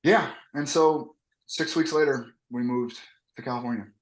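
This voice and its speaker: A man's voice: medium pitch, normal speed, echoey room. A man in his thirties, a wrestling coach, telling stories casually in an interview and acting out the voices of the people he quotes. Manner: animated, acts out quoted voices. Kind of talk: casual interview talk, lively storytelling.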